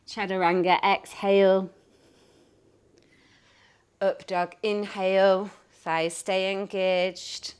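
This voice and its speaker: A woman teaching a yoga class, cueing poses and breaths in a calm, upbeat way. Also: mid-range voice, clear, resonant tone. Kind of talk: guided yoga class instruction.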